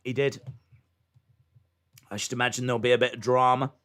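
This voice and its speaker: A man hosting a live reaction stream, excitably commenting and answering chat questions, his microphone clipping when he gets loud. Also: mid-range voice, brisk, clear, resonant tone. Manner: excitable, hums entrance themes, answers chat. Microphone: desk microphone that clips when loud.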